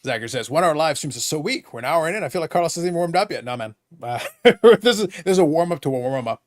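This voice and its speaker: A man's voice: a little high, animated, racing, no echo. A man hosting a live stream, reading viewer comments aloud and joking with his co-hosts in casual banter. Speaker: livestream host.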